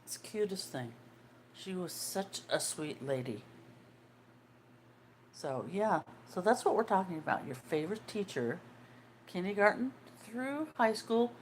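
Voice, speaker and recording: A woman's voice: lowish voice, slight background noise. A woman in her sixties hosting a casual livestream, chatting and greeting viewers' comments as they come in. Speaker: livestream host.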